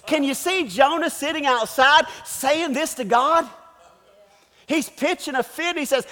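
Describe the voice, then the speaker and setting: Preacher with a very high voice, lively call-and-response delivery, long echo of a church hall. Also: male voice, normal speed. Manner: emphatic, calls out to the congregation, repeats key words. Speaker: pastor. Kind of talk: sermon.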